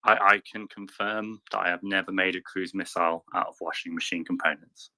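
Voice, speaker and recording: A man's voice: deep voice, brisk. Rambling man telling a story. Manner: rambling storyteller, lively quoted voices. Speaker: panelist. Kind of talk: casual anecdote on a live audio chat.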